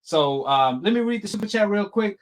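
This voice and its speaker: A man's voice: sits high, animated, normal speed. A man hosting a live boxing talk stream, chatting in a casual, slangy way and laughing often. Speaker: host of a boxing talk show.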